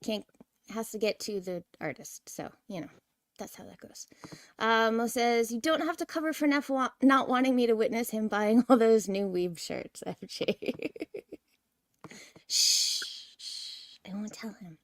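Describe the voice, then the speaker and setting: A woman's voice: fairly high pitch, lively intonation, normal speed, dry recording, studio quality. A woman co-hosting a casual livestream chat, talkative and greeting viewers from the chat. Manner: chatty, reads out chat messages, babbles. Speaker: livestream co-host.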